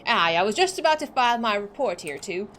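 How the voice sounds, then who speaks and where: A woman's voice: medium pitch, big pitch swings, brisk, a bit bright, a little hiss or hum. A woman voicing a blustering male sea officer in a game, speaking in a put-on seafaring dialect full of old sailor talk. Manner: old-fashioned sailor speech with ye, aye and ain't. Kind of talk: reading game dialogue aloud.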